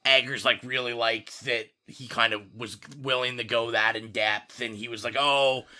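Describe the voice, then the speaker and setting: A man's voice: mid-range voice, fairly even intonation, normal speed, bright, forceful tone. A man hosting a podcast, hedging and casual as he discusses a film.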